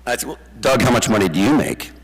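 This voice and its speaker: A man's voice: mid-range voice, fast talker, breathy edge. Guy telling funny stories at a memorial, does little voices, lots of church echo. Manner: animated storyteller, acts out the quoted voices. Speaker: eulogy speaker. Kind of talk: storytelling memorial tribute. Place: church sanctuary. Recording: long church reverb.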